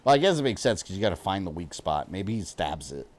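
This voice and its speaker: A man's voice: deep voice, very animated, fast, slight background noise. A man streaming a video game live, chatting casually with his viewers, rambling with lots of fillers and frequent laughs. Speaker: gaming streamer.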